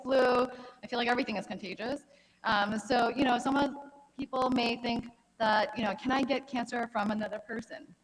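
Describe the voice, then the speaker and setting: A woman's voice: a little high, long reverb tail, rough recording. A woman in her thirties, a gynecologic oncologist, giving a friendly, anecdotal health talk at a conference. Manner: friendly, anecdotal, conversational lecturing. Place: conference hall.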